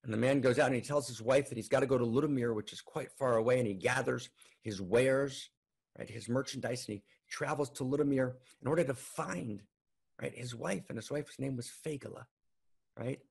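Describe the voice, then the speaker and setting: A man telling a folk tale aloud in an animated way, often checking in with listeners. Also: mid-range voice, fairly quick, gravelly, breathy edge. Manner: animated, frequent "right?" tags. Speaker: storyteller.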